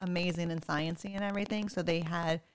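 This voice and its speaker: Lower-voiced woman telling a lively story. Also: fast, clear, resonant tone. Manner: animated storytelling, quoting her kids, laughing often. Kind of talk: casual chat.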